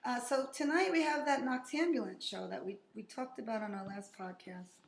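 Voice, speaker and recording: A woman's voice: a little high, fairly even intonation, moderate pace, creaky, slight background noise. Casual woman co-host, laughs easily, recorded in a roomy bar space. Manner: chatty, laughs often, upbeat. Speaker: podcast co-host. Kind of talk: casual chat. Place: back room of a bar. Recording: echoey room with faint ambience.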